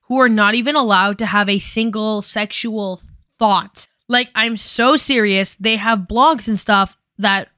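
A woman's voice: mid-range voice, unhurried, bright, forceful tone, no room sound. A young woman giving casual, sarcastic commentary for a video essay, swearing and joking. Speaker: YouTube commentator.

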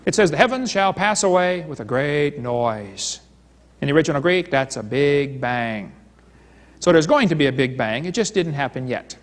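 Man, fairly high voice, seminar lecture, joking storyteller, long hall reverb. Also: expressive, fairly quick. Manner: joking storyteller, retelling dialogues. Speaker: creationist seminar speaker.

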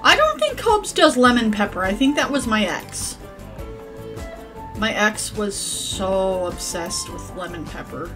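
A woman's voice: mid-range voice, sing-song, unhurried, over music. A woman giving casual, rambling gameplay commentary, swearing freely as she plays. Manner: profane, rambling, chatty. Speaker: gaming channel host.

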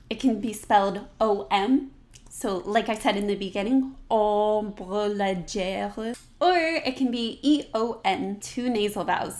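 A woman teaching singing diction, speaking patiently and modelling each word for the viewer to repeat. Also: medium pitch. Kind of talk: diction lesson.

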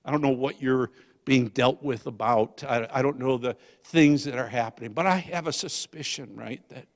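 An older man, a guest pastor, telling a family story in a sermon, swinging from loud to hushed. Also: medium pitch, moderate pace. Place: church sanctuary. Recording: long church hall reverb.

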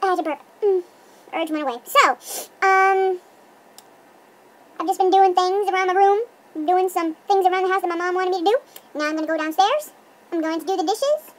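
A young woman rambling in a goofy, self-mocking way in a casual vlog from her bedroom, her voice run through a chipmunk pitch-up filter. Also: fairly quick. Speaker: vlogger.

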